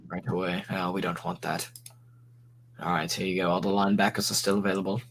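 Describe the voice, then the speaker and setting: A hushed, deep-toned English-style butler, polite to the point of stiffness, with a low gravelly voice, as a man puts him on during a casual stream. He answers every request with a formal, obliging murmur. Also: flat delivery, fairly quick, slight background noise.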